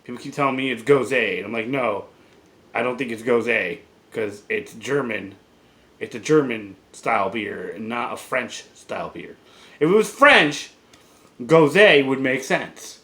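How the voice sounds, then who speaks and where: A man casually reviewing beer and vape juice on his vlog, rambling loosely, swearing freely and often trailing off into quiet mutters. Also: medium pitch, expressive, a little slow.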